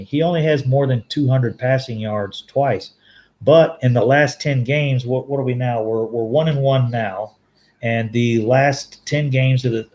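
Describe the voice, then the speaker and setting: A man's voice: mid-range voice, a little mellow. Rambling man hosting a live sports chat. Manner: rambling, halting restarts, frequent self-corrections; laughs easily, chats with viewers. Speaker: fan show host reading live chat. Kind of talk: casual live-stream sports talk.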